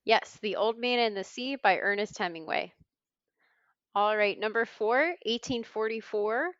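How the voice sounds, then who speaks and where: A woman hosting a trivia podcast, reading clues in a brisk, wry way. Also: medium pitch, a bit bright, clear, resonant tone, no room sound, lo-fi sound. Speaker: quiz host.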